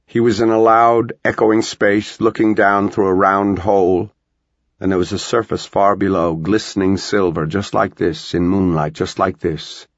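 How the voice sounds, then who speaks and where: A man reads an audiobook in a calm, steady way. His voice is very low, husky and full of fry. The recording is dry and somewhat muffled. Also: no echo. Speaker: audiobook narrator. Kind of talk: scripted narration.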